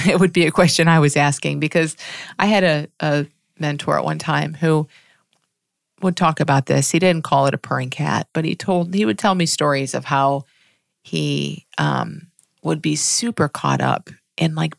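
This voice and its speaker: A woman giving a reflective spiritual monologue, musing aloud with frequent restarts and soft laughs. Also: low voice, vocal fry, dry recording, studio quality.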